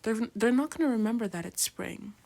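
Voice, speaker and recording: A woman's voice: fairly high pitch, expressive, fairly quick, gravelly, warm tone. A woman teaching a casual lecture, chatty and full of fillers, often checking in with "right?". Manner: chatty, filler-heavy, keeps asking "right?"; acts out patients in slangy voices. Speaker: nursing lecturer.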